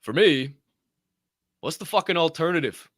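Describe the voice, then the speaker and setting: A man co-hosting a podcast, telling stories in a brash, profane, animated way in a casual motivational chat. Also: fairly high pitch, normal speed, dry recording, studio quality. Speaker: podcast co-host.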